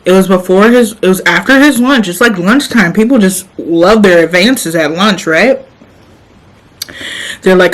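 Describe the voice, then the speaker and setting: A young woman chats to her camera at home between bites, eating while she talks. She is animated and laughs often, and her voice sits at an ordinary middle pitch. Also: unhurried, poor audio. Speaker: vlogger. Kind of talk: casual storytelling mukbang.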